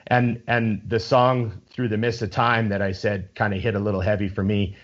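Man, low voice, rambling casual chat, enthusiastic, swears a lot, dull lo-fi recording. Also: level tone, normal speed.

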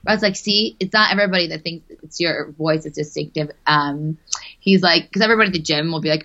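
A woman's voice: sits low, quick pace, sharp tone. A young adult woman chatting casually as a podcast guest, laughing often and swearing freely. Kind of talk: casual chat. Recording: dull lo-fi sound.

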